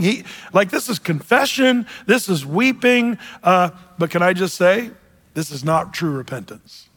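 A male pastor preaching a sermon, telling the story in an animated way with joking asides. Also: sits high, unhurried. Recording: long hall reverb.

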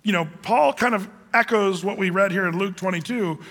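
A man's voice: high voice, moderate pace, fairly bright tone, in a large hall. A man pastor teaching through a Bible passage in a conversational way, with many fillers and restarts.

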